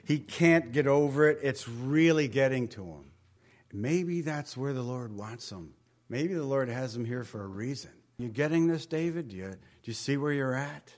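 A man's voice: mid-range voice, lively intonation, normal speed, darkish tone. A man preaching a conversational sermon in a folksy way, with joking asides and questions to the congregation. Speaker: pastor.

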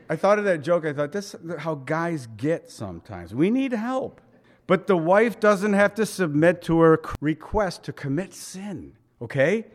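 A man's voice: fairly high pitch, big pitch swings, unhurried. A middle-aged man preaching a sermon, folksy and conversational, with joking asides and chuckles. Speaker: pastor.

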